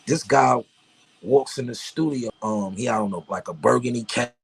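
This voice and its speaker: A middle-aged man from Harlem spins a laid-back, profane story. His voice is gravelly and husky, sitting at an ordinary male pitch. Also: moderate pace, no room sound. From Harlem, New York. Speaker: guest rapper. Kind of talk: casual storytelling.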